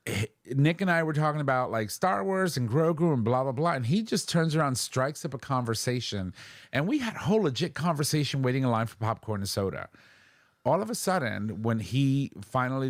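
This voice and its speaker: A man chatting on a podcast with a very lively, swooping pitch and a bright way of acting out the people in his stories. The sound is close and dry, with no room behind him. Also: a little fast, no room sound. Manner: animated storyteller, quoting others in lively voices. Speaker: podcast host. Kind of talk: casual chat.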